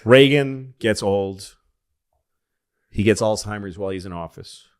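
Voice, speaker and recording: Low-voiced man telling rambling stories. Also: unhurried, smooth. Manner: rambling, self-correcting, profane. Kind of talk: casual comedic storytelling.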